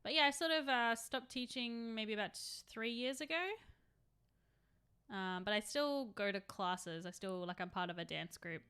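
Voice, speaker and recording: A woman's voice: medium pitch, moderate pace, pushed and bright, clean tone. A woman in her thirties chatting casually on a live stream, rambling and answering chat while she paints miniatures.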